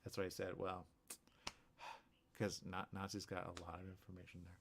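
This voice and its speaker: A man hosting a radio morning show, talking casually in a rambling, animated way full of restarts and asides. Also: deep voice, moderate pace, gravelly, background noise. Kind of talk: casual talk show monologue.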